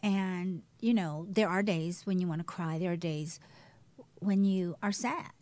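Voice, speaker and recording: A woman guest telling her personal story in a candid, animated way, dropping to a hush at times. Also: fairly low pitch, unhurried. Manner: candid, animated, shifts between loud and hushed. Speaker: guest, breast cancer survivor. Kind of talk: emotional personal testimony.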